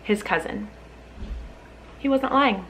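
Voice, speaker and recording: A young woman casually telling a personal story to camera, candid and expressive, with plenty of "like" and the odd swear word. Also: high-pitched, takes it slowly, a little hiss or hum. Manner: candid and expressive, with frequent "like" and profanity.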